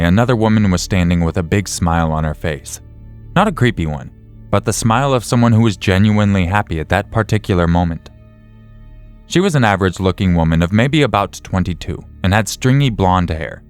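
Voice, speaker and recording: Man, deep voice, horror story narration, measured, faint music behind.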